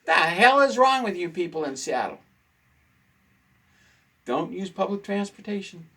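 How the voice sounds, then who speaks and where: A man's voice: high-pitched, sing-song, unhurried, bright, forceful tone, slightly rough, rough recording. A man hosting a casual talk show, ranting indignantly and repeating his points for emphasis. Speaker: host.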